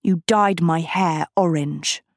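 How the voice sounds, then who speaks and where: A gruff, bitter teenage girl who snaps short, grumpy answers, as a woman reader plays her. Slow and flat in a dry, close recording. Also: sits low, no echo, full character voice. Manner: gruff, curt. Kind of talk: audiobook character voice.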